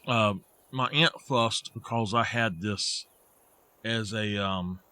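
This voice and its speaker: A man's voice: lowish voice, takes it slowly. A man, chatting casually to his viewers while playing a game live, rambling and thinking aloud. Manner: relaxed, rambling, self-talk with restarts. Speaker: game streamer.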